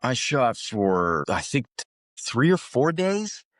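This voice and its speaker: A man's voice: mid-range voice, big pitch swings, takes it slowly, fairly bright tone, no echo, studio quality. A young adult man, an actor guest, telling a story casually and animatedly, laughing often and restarting sentences.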